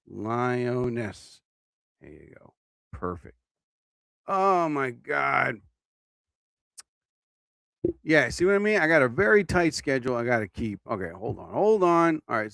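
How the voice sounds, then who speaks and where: A man's voice: medium pitch, vocal fry, a bit bright, no echo. Sleepy, rambling man. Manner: drowsy, yawning, meandering talk. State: tired and yawning. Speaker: podcast host. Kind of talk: rambling casual livestream chat.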